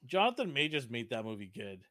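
Male podcast co-host, mid-pitched, opinionated casual talk, dry close sound. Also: sing-song, brisk, sharp tone, no room sound. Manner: opinionated, argues his point. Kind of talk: casual chat.

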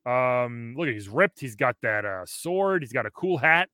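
A man's voice: mid-range voice, lively intonation, a little slow, pushed and bright, smooth, dry recording, clean studio sound. A man hosting a show, chatting casually and playfully, laughing often and joking crudely. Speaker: show host. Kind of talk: casual chat.

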